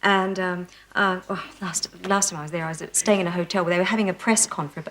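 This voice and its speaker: A woman's voice: on the low side, fairly even intonation, a bit bright, a little hiss or hum. A woman in her thirties with an Australian accent, a talk show guest telling comic anecdotes with lots of laughter. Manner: cheeky, laughing, quick storytelling.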